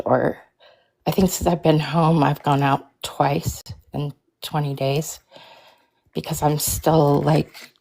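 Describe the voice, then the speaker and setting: A woman speaks over a video call in a low, flat voice with a gravelly edge. She talks haltingly, with many restarts and fillers. She sounds close to tears as she tries to hold herself together. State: tearful, fighting emotion. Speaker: caller sharing her story. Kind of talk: emotional personal account on a livestream.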